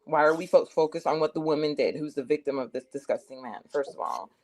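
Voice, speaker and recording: A woman's voice: low voice, fast, a little mellow. Heated, profane young woman telling a story. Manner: heated, profane, emphatic retelling. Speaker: streamer host. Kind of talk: casual storytelling chat.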